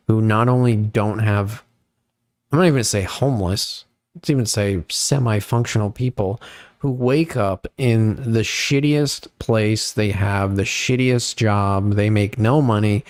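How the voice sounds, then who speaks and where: A man's voice: fairly low pitch, a little mellow. A man in casual podcast chat, lecturing his co-host in a mock-preachy pep talk.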